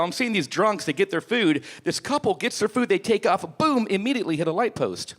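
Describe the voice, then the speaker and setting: A man's voice: high-pitched, a little fast, few pauses. A man doing a stand-up comedy set on a club stage, telling crude stories with lots of swearing. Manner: profane, animated storytelling.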